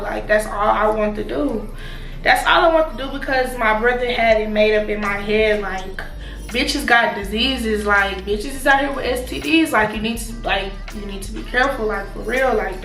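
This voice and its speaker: A young woman telling a frank, profane personal story straight to her viewers, animated, laughing and sometimes dropping to a near-whisper. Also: a little high, reverberant. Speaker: vlogger. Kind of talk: casual storytime.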